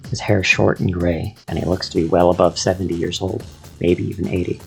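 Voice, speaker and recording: A man reading a story aloud in the first person, with a measured, descriptive delivery. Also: deep voice, level tone, gravelly, a little mellow, soft background music. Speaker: narrator.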